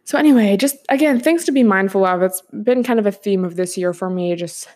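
A woman's voice: medium pitch, a little fast, a little mellow. A young woman in her twenties hosting a solo podcast, talking casually and rambling with lots of filler words and frequent laughs. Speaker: podcast host.

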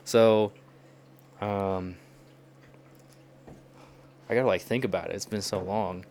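A man's voice: on the low side, steady tone, takes it slowly, a little mellow. A young man from the United States chatting casually and telling stories, laughing often as he talks. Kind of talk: casual chat.

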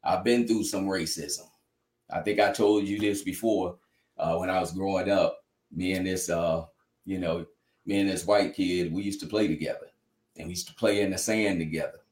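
A man's voice: low voice, fairly even intonation, moderate pace, a little mellow. A man speaking earnestly in an interview, heartfelt and preacher-like, with many "you know" fillers. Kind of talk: earnest conversational testimony. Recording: echoey room.

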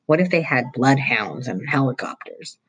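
Husky-voiced teacher reading a novel aloud. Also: medium pitch, normal speed, poor audio. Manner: steady storytelling read-aloud.

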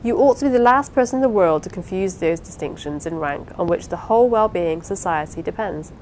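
A woman reading a formal, gently reproving young husband. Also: fairly low pitch, animated, a little fast, a little hiss or hum, natural voice, rough recording. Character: reserved proper young husband. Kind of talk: audiobook character reading.

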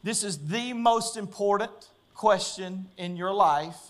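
A middle-aged man preaching a sermon, animated and jokey, often acting out voices. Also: sits high, a little slow. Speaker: pastor.

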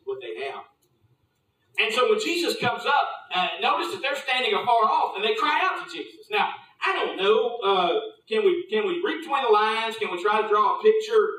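High-voiced preacher in an echoey church. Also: male voice, bright, forceful tone, far from the mic. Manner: conversational, asks the congregation questions. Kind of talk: sermon.

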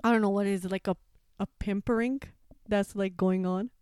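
A young woman talks on a podcast in loose, rambling chat, piling on filler words and curses as she tells a story. Her tone is mellow and warm, and the sound is dry and close to the mic. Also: medium pitch, steady tone, a little fast, clear, resonant tone, no room sound. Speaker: podcast co-host. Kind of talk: casual chat.

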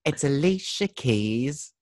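A relaxed man co-hosts a casual chat, his voice rising and falling in a lively way. He is easygoing and agreeable, laughs often, and sounds close and dry on the mic. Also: mid-range voice, takes it slowly, no room sound. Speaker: podcast co-host.

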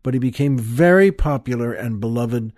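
A man's voice: mid-range voice, normal speed, a little mellow, dry recording, studio quality. An older man hosting a podcast, telling a joke in a rambling, chuckling way, with lots of fillers. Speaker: podcast host. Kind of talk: casual storytelling chat.

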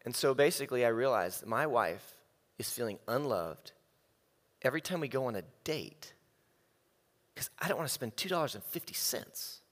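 Animated man preaching in a hall. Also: mid-range voice, moderate pace. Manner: animated and self-mocking, acting out quotes. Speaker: speaker. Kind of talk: humorous sermon storytelling.

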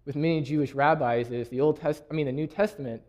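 A man's voice: fairly high pitch, steady tone, fast, darkish tone. A young man from Canada giving a sermon, reading scripture aloud and laughing often. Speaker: preacher.

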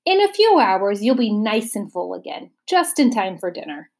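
A woman's voice: mid-range voice, big pitch swings, moderate pace. A woman voicing a pleased, lecturing many-faced male figure in a storybook reading.

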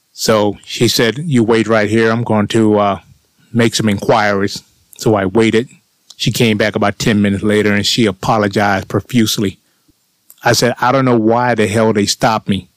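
Low-voiced man telling a story, profane. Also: normal speed, no echo. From United States. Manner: animated, profane, indignant. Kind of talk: casual storytelling.

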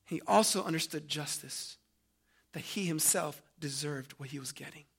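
A man preaching a sermon, dramatic, swinging from loud emphasis to hushed tones and calling his listeners family. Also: fairly high pitch, normal speed, gravelly, breathy edge.

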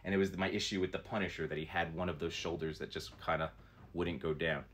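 A man's voice: sits low, little pitch movement, fast, a bit bright. A man doing a casual live stream, showing action figures up close and chatting with viewers in a rambling way, with lots of fillers. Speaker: toy collector streamer.

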